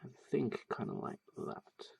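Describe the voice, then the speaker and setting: A man's voice: unhurried, darkish tone. A man narrating a drawing tutorial casually, thinking aloud with many fillers and restarts. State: has the hiccups.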